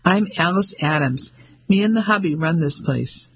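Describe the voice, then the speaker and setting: A man's voice: a little high, lively intonation, moderate pace, a bit bright, breathy edge, exaggerated voice, low-quality recording. A man voicing a brash, scheming middle-aged landlady with a Cockney accent, chatty and gossipy, in an audiobook.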